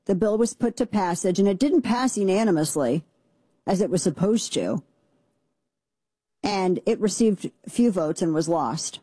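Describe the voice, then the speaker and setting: Woman casually recounting a story, relaxed low-key tone, says "he goes" a lot, dry sound. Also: measured pace, husky, dry recording. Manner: conversational, loose "he goes" phrasing with restarts. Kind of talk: casual retelling of a historical anecdote.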